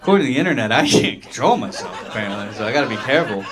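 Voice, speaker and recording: A man doing a stand-up comedy set in a small bar, deadpan storytelling with sudden jumps into high voices for the characters he quotes. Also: racing. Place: small dive bar with a live audience. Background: crowd laughter.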